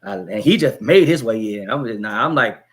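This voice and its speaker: Storytelling pastor hosting a live talk. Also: male voice, medium pitch, moderate pace, slightly rough. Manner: animated storytelling, lively. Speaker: pastor and host. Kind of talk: casual live discussion.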